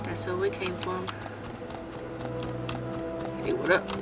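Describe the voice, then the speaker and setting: A woman giving casual, chatty commentary while playing a game, swearing freely and breaking into loud outrage. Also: lowish voice, completely flat delivery, takes it slowly, distant mic, over loud music. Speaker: gameplay commentator. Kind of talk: casual let's-play commentary.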